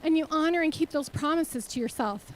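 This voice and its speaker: A woman's voice: high-pitched, fairly quick, low-quality recording. A woman speaking as a nonprofit CEO giving a motivational conference talk on a stage, earnest and full of rhetorical questions to the audience.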